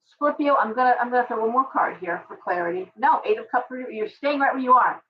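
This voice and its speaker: A middle-aged woman hosting a casual livestream tarot reading, chatty and ranting with animated asides. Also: fairly high pitch, a little fast, distant mic, dull audio. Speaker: tarot reader and live stream host.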